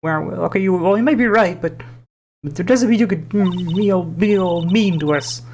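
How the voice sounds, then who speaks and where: A let's-play player voicing a bubbly, excitable young woman sidekick with playful teasing, over background music. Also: mid-range voice, moderate pace, a little hiss or hum, voice pushed up, natural voice. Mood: protesting.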